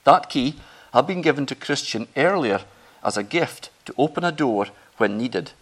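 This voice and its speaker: A man preaching a sermon, earnest and emphatic, rising in pitch and volume on key phrases. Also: expressive, moderate pace, husky.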